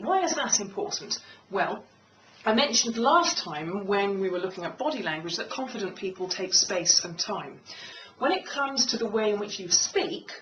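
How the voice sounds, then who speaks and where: A woman coach talks through tips on speaking with confidence, in a measured, deliberate way. Her voice sits a little back from the mic, and a faint room hum runs underneath. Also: medium pitch, fairly bright tone. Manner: measured, demonstrates slow and fast speech. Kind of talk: instructional talk to camera. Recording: slightly distant mic with faint room noise.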